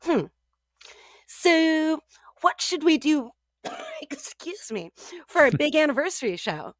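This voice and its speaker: Female radio co-host, bright high voice, dry close sound, comedic banter. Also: slow pace, dry recording. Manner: playful, deadpan jokes. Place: radio studio.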